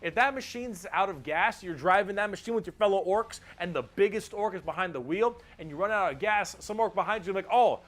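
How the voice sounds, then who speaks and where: A man's voice: high voice, a little fast, few pauses, a bit bright. A man explaining lore casually, loose and jokey with offhand swearing. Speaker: lore explainer in a played video.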